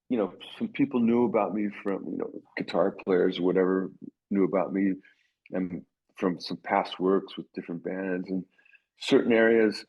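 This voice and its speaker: A middle-aged guitarist, interviewed casually, tells stories in a low, husky voice on a muffled recording. He meanders, restarts frequently, and acts out the quotes.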